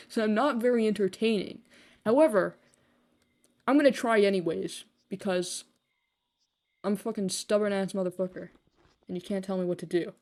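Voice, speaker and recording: A young woman talks off the cuff while she plays a game on a live stream. Her voice sits at an ordinary middle pitch. She rambles through loose, filler-heavy sentences, swears casually and jokes at her own expense. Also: normal speed, darkish tone.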